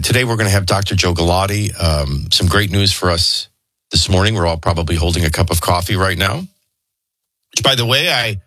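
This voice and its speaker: A man's voice: deep voice, sharp tone, no echo. A middle-aged man hosting a radio show, chatting casually and jokingly, moving from news into personal anecdotes. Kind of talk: casual talk radio banter.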